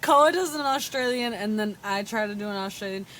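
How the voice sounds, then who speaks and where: A woman's voice: medium pitch, fairly quick, a bit bright, slight background noise. A woman guest on a podcast, chatting casually and laughing often. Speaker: guest, musician and teacher. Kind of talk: casual chat.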